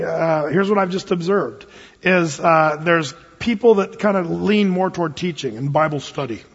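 A man's voice: on the high side, slightly rough. A man, a pastor, preaching a sermon in earnest, mixing scripture reading with reflective asides to his congregation. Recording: dull sound with long hall reverb.

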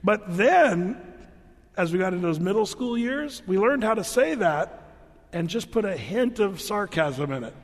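A middle-aged man preaches a sermon in a loose, storytelling way, often starting his sentences over. His voice sits high for a man. The sound carries the long reverb of a large church hall. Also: animated, measured pace. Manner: conversational storytelling with many restarts. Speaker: pastor.

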